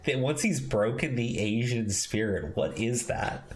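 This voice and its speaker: A man's voice: medium pitch, lively intonation, measured pace, slight background noise. A man co-hosting a casual commentary podcast, reading an article aloud and breaking off to swear and react in disbelief.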